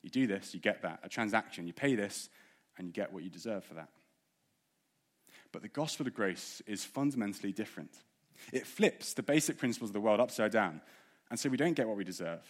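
A man's voice: fairly low pitch, expressive, a little fast. A man preaching a sermon in an earnest way, asking the congregation rhetorical questions.

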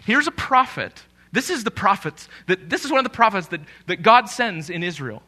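A man preaching a sermon as pastor, conversational and animated, with emphatic rises. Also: high voice, moderate pace.

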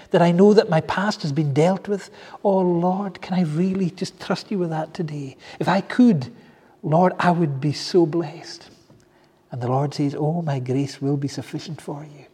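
Male preacher, fairly high pitch, husky and earnest, pleading sermon delivery, long hall echo. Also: mellow. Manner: earnest, pleading, with many repeated phrases.

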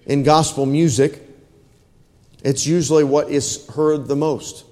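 A man with a high voice delivers a sermon in a church. His talk is folksy, and he keeps asking his listeners whether they follow. The sound trails off in a long church reverb. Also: steady tone, measured pace, pauses often, a little mellow. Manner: folksy, asks the congregation questions. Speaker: pastor. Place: church hall.

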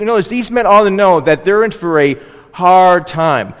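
Chatty preacher with a slightly high voice. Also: male voice, animated, normal speed, hardly any pauses, a bit bright, clear, resonant tone, big-room sound. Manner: conversational, with frequent asides and "you know, right?". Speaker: pastor. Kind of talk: expository sermon.

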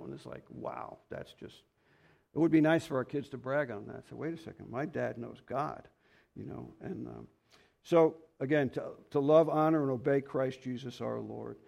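A man's voice: medium pitch, creaky, a little mellow. A man giving an informal, rambling sermon in a folksy, anecdotal way, reading scripture aloud. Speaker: lay preacher.

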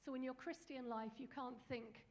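A woman's voice: high-pitched, steady tone, normal speed, long reverb tail. A woman preacher giving an earnest, encouraging sermon with small fillers.

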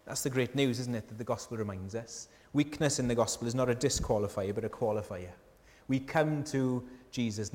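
Male pastor preaching in a church with long hall reverb, conversational and earnest, mid-pitched voice, many rhetorical questions. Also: a little fast. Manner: earnest and tender, dropping softly at key lines. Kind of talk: sermon.

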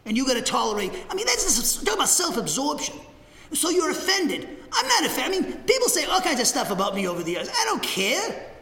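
A high-pitched, fiery male preacher delivers an animated sermon, his voice leaping up and down as he moves from shouted passages to near-whispered asides. His tone is bright and sharp, and the long reverb of a church sanctuary trails every phrase. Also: fairly quick. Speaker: pastor.

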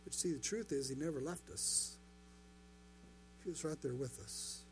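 A man's voice: on the high side, unhurried, slight background noise. A pastor preaching a sermon, building his points through rhetorical questions and repetition.

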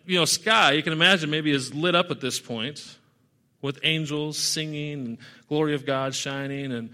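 A man delivers a sermon in a relaxed, conversational way, retelling scripture with animated asides and restarts. His voice sits a little high and rings bright and forceful. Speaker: pastor.

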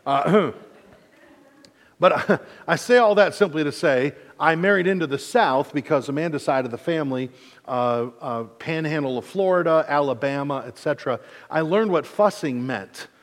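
A man's voice: on the high side, moderate pace, big-room sound. A man in his forties from mid-Michigan, preaching a sermon in a casual, joking way and acting out quotes. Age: 40s. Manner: conversational, self-deprecating humor with acted-out quotes. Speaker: pastor.

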